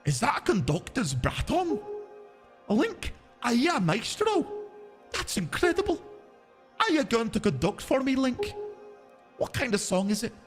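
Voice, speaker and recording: A man's voice: extremely high pitch, huge pitch swings, a little slow, pauses often, in a large hall, voice pushed up, exaggerated voice. A man voicing a tiny, cheerful male forest creature who plays music, with a Scottish accent. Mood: eager. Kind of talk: voicing a game character.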